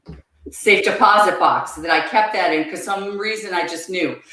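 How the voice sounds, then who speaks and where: A woman guest on a podcast, telling her personal story in an earnest, halting way and repeating words as she goes. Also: on the low side, bright, forceful tone. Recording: very echoey room.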